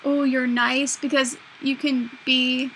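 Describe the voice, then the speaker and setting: High bright giggly young woman. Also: flat delivery, takes it slowly, a little hiss or hum, low-quality recording. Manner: giggly, filler-heavy, lots of "like". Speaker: video co-host. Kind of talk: casual chat.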